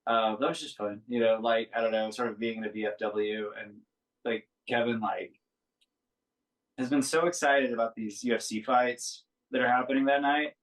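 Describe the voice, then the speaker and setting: A man in a band chatting casually on a podcast, relaxed and joking with lots of fillers. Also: mid-range voice, moderate pace, far from the mic, poor audio. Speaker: band member, guest.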